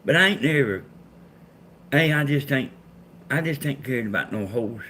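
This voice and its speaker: Southern man, Georgia country drawl, mid-pitched, plainspoken live-stream co-host. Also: lively intonation, normal speed, pushed and bright, a little hiss or hum. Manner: plainspoken, laid-back country talk. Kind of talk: casual chat with viewers.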